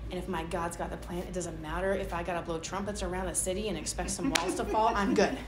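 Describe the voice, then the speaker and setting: A woman's voice: lowish voice, steady tone, fast talker, background noise. A woman pastor preaching a conversational sermon, playfully acting out little prayer scenes. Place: church hall. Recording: echoey church room.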